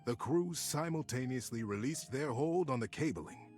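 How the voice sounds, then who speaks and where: A man giving a scripted storybook narration in an expressive, theatrical way. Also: mid-range voice, moderate pace, faint music behind.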